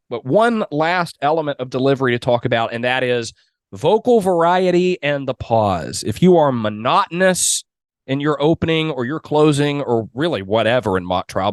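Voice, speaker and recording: A man's voice: mid-range voice, no room sound, studio quality. A man speaking as a podcast guest, talking energetically about coaching and speech delivery. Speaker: guest, mock trial competitor and coach. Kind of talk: casual podcast conversation.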